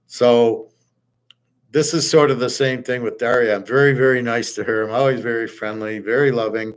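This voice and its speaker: A middle-aged man telling a personal story in a casual monologue, blunt and profane, often restarting his sentences and heatedly quoting what he told others. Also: mid-range voice. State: aching back, jet-lagged. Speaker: host.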